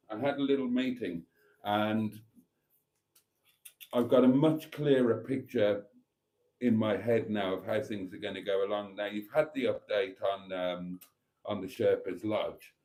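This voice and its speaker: A man hosts a casual livestream in a warm, mellow voice. He chats easily and affectionately, reading viewer comments aloud as he goes. His pitch sits in a comfortable middle range for a man. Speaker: livestream host.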